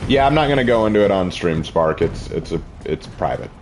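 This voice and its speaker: A tired man from the Southern United States chatting casually on a gaming stream in a low-key, rambling way. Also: expressive, a little fast, darkish tone, slight background noise. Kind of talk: casual live-stream chat while gaming.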